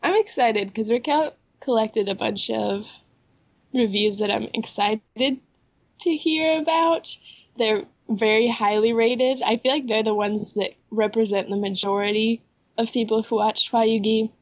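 A woman co-hosting a chatty podcast, her voice a little higher than most and stuffed up and nasal from a head cold. She sounds upbeat and eager. The audio is dull and slightly lo-fi. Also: measured pace. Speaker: podcast co-host. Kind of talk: casual chat.

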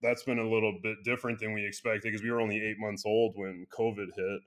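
A chiropractor being interviewed, talking earnestly in a casual conversation with loose restarts and frequent fillers. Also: male voice, fairly low pitch, flat delivery, a little fast, a bit bright, a little hiss or hum. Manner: earnest, speaks in loose restarts with many "you know" fillers. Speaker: chiropractor and clinic founder.

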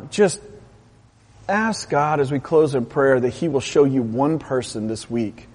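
A pastor preaching a lively, impassioned sermon, then dropping into a soft, quiet prayer. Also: male voice, mid-range voice, a little hiss or hum. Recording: long hall reverb.

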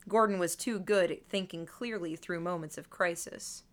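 A woman's voice: lowish voice, moderate pace. A woman reading a first-person audiobook in a dry, wry storytelling manner. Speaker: narrator.

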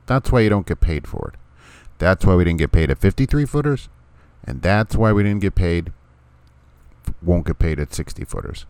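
Blunt, deep-voiced man ranting on a podcast. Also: expressive, moderate pace, pauses often, darkish tone, smooth, no room sound. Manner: blunt, sarcastic, repeats points emphatically. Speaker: podcast host. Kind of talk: casual opinion podcast.

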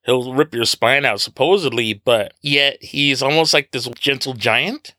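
A man co-hosting a casual film review podcast, animated and joking, with playful mock impressions. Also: mid-range voice, unhurried, no echo, studio quality. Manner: animated, laughs often, does mock impressions. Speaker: podcast co-host.

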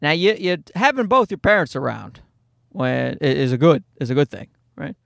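A man hosting a solo comedy podcast, telling stories in an animated, swearing, voice-acting way. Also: on the high side, moderate pace, gravelly, no echo, studio quality. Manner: animated storyteller, swears freely, acts out voices. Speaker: podcast host. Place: Toronto.

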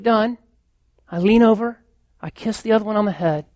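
A man's voice: high-pitched, normal speed, long pauses, a little mellow, dry recording, clean studio sound. A man, a pastor, preaching a sermon earnestly, building emphasis with repeated phrases.

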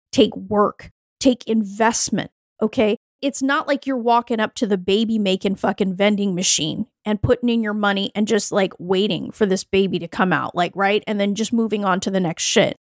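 A woman's voice: medium pitch, no room sound, studio quality. A woman hosting a podcast as a fertility coach, giving a blunt, profane, hyped-up motivational pep talk. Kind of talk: motivational solo podcast monologue.

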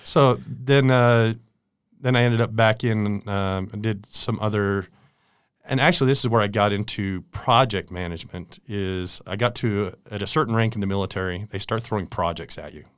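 A man's voice: lowish voice, normal speed, clear, resonant tone, no echo, clean studio sound. An American man in his forties, a guest in an interview, telling stories in a chatty way with laughs. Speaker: guest, product manager. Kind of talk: casual interview storytelling.

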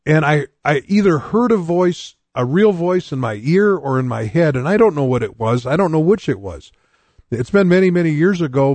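An older man in his sixties preaching a personal testimony, earnest and plain-spoken. His voice sits a little high for a man. The sound is dry and close, with no room echo. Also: darkish tone. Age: 60s. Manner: earnest, plain-spoken storytelling that speaks straight to listeners.

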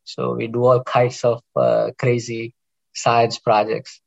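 A middle-aged man with a gravelly voice chats as a guest, telling long stories about his work and family. He restarts his sentences often and speaks in a relaxed, unscripted way. The sound is a little dull and lo-fi. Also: mid-range voice, slow. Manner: rambling, warm storytelling with restarts. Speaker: interventional cardiologist guest. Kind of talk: casual interview chat.

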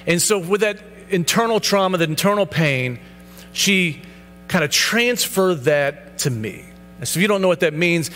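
A pastor in his thirties gives a personal testimony sermon, earnestly recounting his story and acting out the dialogue in a high, pushed, bright voice. The recording carries hall reverb and a faint hum.

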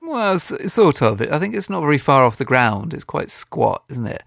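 A man's voice: medium pitch, very animated, moderate pace, vocal fry, a bit bright, no echo. A man co-hosting a comedic chat show, talking in a wry, dry and hesitant manner. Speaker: podcast co-host.

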